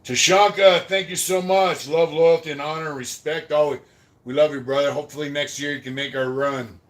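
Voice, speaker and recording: A podcast host tells rambling, profane stories about prison life, thanking viewers for super chats and trailing off quietly. His voice is a little high, with a steady tone and brisk pace.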